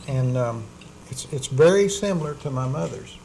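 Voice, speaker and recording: Relaxed man co-hosting a dinner chat. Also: fairly high pitch, creaky, a little hiss or hum, rough recording. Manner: relaxed, halting, with fillers and repeats. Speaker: cooking show co-host. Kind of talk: casual chat over dinner.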